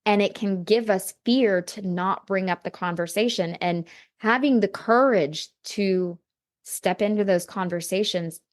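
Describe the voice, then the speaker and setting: A woman's voice: medium pitch, measured pace. A woman guest on a podcast interview, telling a personal story in a reflective, candid way with frequent casual fillers. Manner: reflective, personal, heavy on "you know" and "like".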